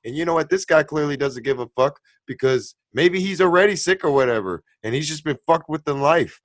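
A man's voice: on the high side, expressive, a little fast, dry recording. A man co-hosting a casual chat, reacting to a video in a ranting, profane way. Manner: ranting, profane, rising to loud outbursts.

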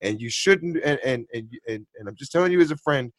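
A man in casual chat as a co-host, excitable and animated, swearing freely. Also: medium pitch, a little fast, a little hiss or hum.

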